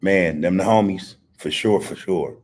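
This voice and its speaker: Low and darkish, this older man's voice moves at a measured pace. As a podcast host he chats casually, swapping profane stories and breaking into frequent laughter.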